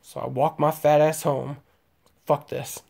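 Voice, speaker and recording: A man from Omaha, Nebraska, United States, in his late twenties, hangs out chatting with viewers on a live stream and tells rambling, crude stories full of profanity, fillers and laughs. He speaks a little slowly in a fairly high, slightly mellow voice, delivered flatly and with vocal fry.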